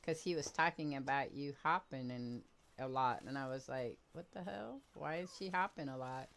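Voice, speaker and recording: A woman's voice: very deep voice, moderate pace, a bit bright, slight background noise. An older woman casually chatting and laughing while streaming a game with her daughter. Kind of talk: casual gameplay chat.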